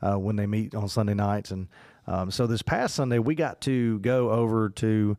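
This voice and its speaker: A man's voice: fairly low pitch, normal speed, darkish tone, dry recording, studio quality. A man co-hosting a casual faith podcast, rambling with many fillers and restarts. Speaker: podcast co-host.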